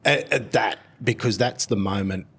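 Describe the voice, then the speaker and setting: A man, hosting a podcast in casual conversation, animated and swearing freely. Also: fairly low pitch, moderate pace, slightly rough. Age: 50s. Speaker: podcast host.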